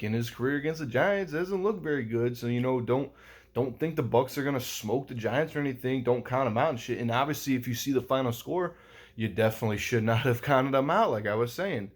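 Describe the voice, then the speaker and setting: A young man recapping a football game in a rambling, casual vlog, swearing a lot and using many fillers. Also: on the low side. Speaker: sports vlogger.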